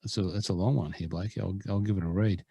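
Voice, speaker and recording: Australian male podcast co-host, low-ish voice, rambling and self-deprecating, dry close recording. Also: fairly even intonation, fast, vocal fry, dark tone, slightly rough, no echo. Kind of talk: casual chat.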